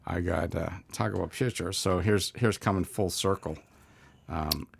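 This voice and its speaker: A man's voice: low voice, normal speed, creaky, breathy edge, no room sound. An older man from Canada telling rambling family stories in casual chat, acting out quotes as he goes. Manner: rambling anecdotes with acted-out quotes. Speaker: guest.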